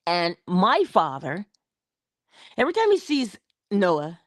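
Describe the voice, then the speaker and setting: A middle-aged woman from Barbados, telling an inspirational story in an expressive way with drawn-out emphasis. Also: lowish voice, dry recording. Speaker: inspirational vlogger. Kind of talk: storytelling motivational talk.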